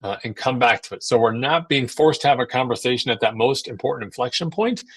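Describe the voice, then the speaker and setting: A man's voice: mid-range voice, animated, quick pace, husky, no echo. A man, an endurance coach, giving a casual seminar talk with lots of fillers and restarts, sometimes acting out voices in quoted asides. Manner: conversational, many fillers and repeated words.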